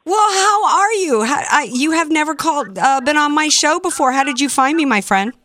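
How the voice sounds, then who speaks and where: Female talk radio host, animated and emphatic, dry close studio mic. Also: high-pitched, normal speed, dry recording. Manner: animated, emphatic, sarcastic asides. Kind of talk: talk radio monologue and call-in chat.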